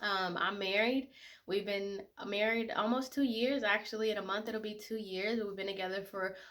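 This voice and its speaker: Young woman, 20s, vlogger; bright, soft-spoken, sincere, loose casual delivery. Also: medium pitch, fairly even intonation, normal speed. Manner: emotional, tearful at times, many fillers. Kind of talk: casual personal talk to camera.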